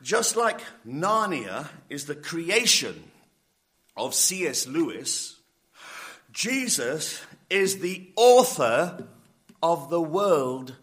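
A male pastor delivers a sermon emphatically and deliberately, his voice rising on key words, with an occasional cough. His voice is a little high, fairly bright, and very animated.

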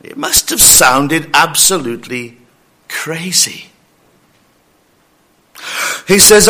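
A man preaching a sermon, praying and then teaching scripture in a slow, emphatic way. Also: on the high side, animated, pushed and bright.

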